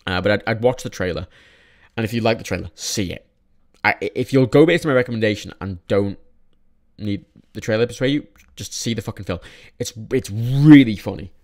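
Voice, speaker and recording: Young guy ranting about movies, lotsa restarts and swearing, lowish voice. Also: fairly quick, darkish tone. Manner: rambling, swears often, frequent restarts. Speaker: film reviewer. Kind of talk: casual movie review vlog.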